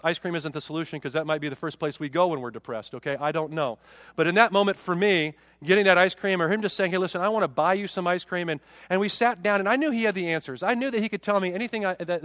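A man's voice: sits high, quick pace, fairly bright tone, no echo, clean studio sound. A man in his forties, a pastor preaching a sermon, often repeating words as he goes. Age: 40s.

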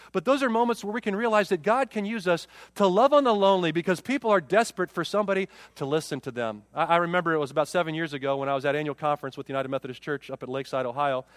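A man's voice: on the high side, a bit bright, no room sound. A man in his forties, a pastor preaching a sermon, often repeating words as he goes. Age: 40s.

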